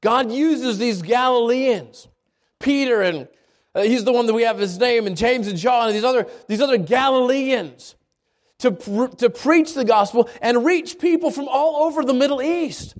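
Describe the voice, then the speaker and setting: A man from Albuquerque preaching a sermon at a church service, moving between quick asides and slow, emphatic lines. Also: very high-pitched. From Albuquerque, New Mexico. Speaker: pastor.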